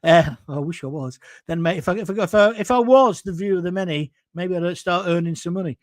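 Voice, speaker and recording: A middle-aged man with a fairly high voice talks with blunt, combative conviction. He mocks his critics as he reads out comments. The sound is close and dry, with no room echo. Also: a little fast. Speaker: host of his own online show. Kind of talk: opinionated chat, reading viewer comments.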